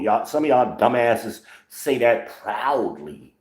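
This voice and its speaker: A man's voice: fairly low pitch, animated, takes it slowly, few pauses, darkish tone, echoey room, poor audio. A man in his forties from the northern United States, hosting his own channel with blunt, profane, sarcastic social commentary. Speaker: channel host.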